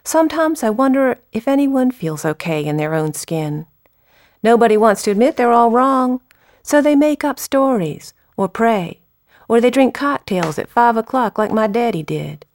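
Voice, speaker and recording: A woman poet reading her poems aloud with unhurried, expressive phrasing and short spoken introductions. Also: fairly high pitch, dry recording, studio quality.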